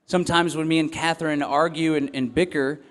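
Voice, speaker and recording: A young man giving a talk to a festival audience, earnest and reflective, pausing often with ums and restarting his phrases. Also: on the high side, fairly even intonation. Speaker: festival speaker. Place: event hall or tent. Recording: long hall reverb.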